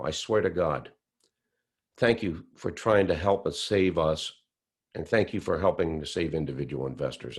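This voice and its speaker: Brief: low-pitched man, storyteller who acts out the people he quotes. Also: creaky, breathy edge. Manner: acts out quoted voices with big pitch swings. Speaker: speaker recounting whistleblowing story. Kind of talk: animated storytelling talk.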